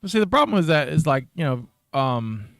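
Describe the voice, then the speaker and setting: A young man co-hosting a casual podcast chat, talking in an animated, rambling way with many restarts. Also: fairly high pitch, moderate pace, creaky, no room sound. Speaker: podcast co-host.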